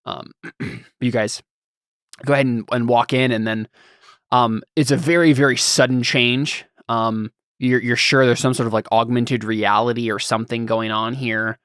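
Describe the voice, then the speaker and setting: A man's voice: mid-range voice, fairly even intonation, moderate pace, fairly bright tone, smooth, no room sound, clean studio sound. A man narrating as game master for a tabletop game, rambling and searching for words as he describes the scene.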